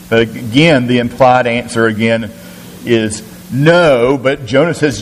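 Speaking slowly at medium pitch, a man preaches as a pastor, working through a scripture passage with rhetorical questions and frequent restarts. The recording has an echoey hall sound and faint hiss.

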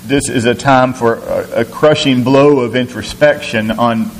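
A man's voice: medium pitch, fairly even intonation, a little slow. A man preaching a sermon, teaching through a scripture passage with rhetorical questions and frequent restarts. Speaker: pastor. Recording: echoey hall, faint hiss.

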